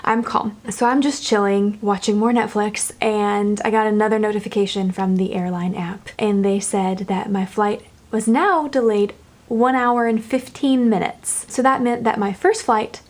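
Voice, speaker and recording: A young adult woman casually telling a travel story to camera in a chatty, animated way. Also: medium pitch, normal speed. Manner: chatty and animated, acting out quoted panic.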